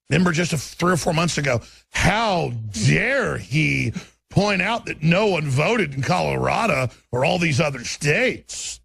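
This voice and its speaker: A man's voice: a little high, expressive, a little slow, creaky, a bit bright, husky, dry recording. A middle-aged man, hosting a political talk radio show in an intense, ranting, emphatic way. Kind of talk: political commentary broadcast.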